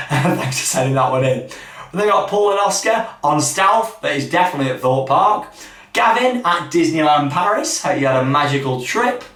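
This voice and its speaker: A man hosting a casual weekly theme park news roundup, chatty and upbeat, with quick asides, recorded in a hotel room. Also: on the high side, a bit bright. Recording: echoey room, mic at a distance.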